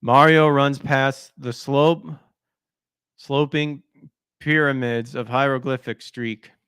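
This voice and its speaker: A man's voice: medium pitch, fairly even intonation, fairly bright tone, smooth, dry recording. A man mimicking a stumbling old politician. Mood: mocking. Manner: halting, stumbling over words. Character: older male politician fumbling through notes.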